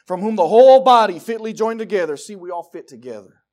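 A man preaching a sermon, telling folksy, jokey stories and swinging from hushed asides to loud outbursts. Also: high voice, expressive, fast talker.

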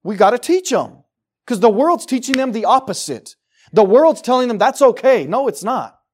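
High-voiced emphatic male preacher. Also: sing-song, moderate pace, a little hiss or hum. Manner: emphatic preaching, swinging from loud declarations to low, quiet asides. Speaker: pastor. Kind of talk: sermon. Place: church.

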